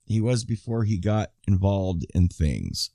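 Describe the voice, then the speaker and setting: A man's voice: lowish voice, lively intonation, a little slow, dark tone, no echo, studio quality. A man in his fifties giving casual YouTube commentary, reading viewer emails aloud and rambling with frequent restarts and asides to his viewers. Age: 50s.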